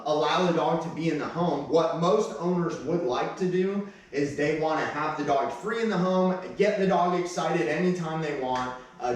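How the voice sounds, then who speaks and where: A man's voice: a little high, far from the mic, a little hiss or hum. Man dog trainer in an echoey room. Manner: plain-spoken, gives sharp short commands to a dog. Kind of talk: casual training demonstration.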